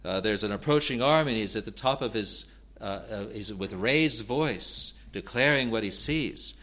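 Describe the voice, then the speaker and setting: A man teaching through Bible verses in a halting way, often restarting and repeating words, and reading scripture passages aloud with rising emphasis. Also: lowish voice, pushed and bright.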